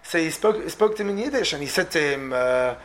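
A man preaching, retelling a true story and acting out its people with lively, repeating speech. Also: a little high, a little fast, slight background noise. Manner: animated, repeats words, voices the people in the story. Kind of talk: storytelling sermon.

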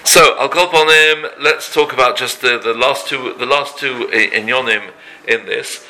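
A man teaching a daily religious law class, halting often and mixing Hebrew terms into his talk. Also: mid-range voice, sharp tone, a little hiss or hum, low-quality recording.

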